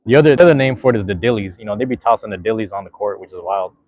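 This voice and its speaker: A man's voice: fairly low pitch, racing, lo-fi sound, a little hiss or hum. Slangy, laid-back podcast host, man. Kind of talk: casual podcast chat.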